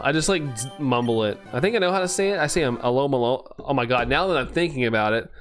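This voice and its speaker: A man's voice: medium pitch, brisk, faint music behind. A young man streaming, chatting casually and playfully, rambling, tripping over words and laughing at himself. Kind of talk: casual live-stream chat.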